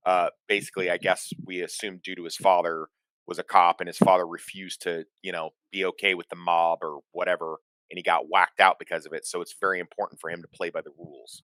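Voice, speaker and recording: A man with a low but bright, forceful voice explains points at length, stopping and restarting as he goes. The recording is dry and close. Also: little pitch movement, no echo. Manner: explanatory, halting with restarts and fillers. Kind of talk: casual chat.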